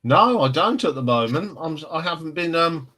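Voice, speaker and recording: A man's voice: fairly high pitch, animated, normal speed, sharp tone, low-quality recording. A man hosting a casual live stream, chatting and telling rambling stories. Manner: rambling, chatty storyteller with restarts. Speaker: livestream host.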